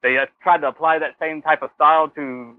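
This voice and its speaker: A man co-hosting a podcast, chatting quickly about a film and laughing along. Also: fairly high pitch, fairly even intonation, no room sound. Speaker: podcast co-host. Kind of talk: casual film discussion. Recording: tinny phone-like remote line.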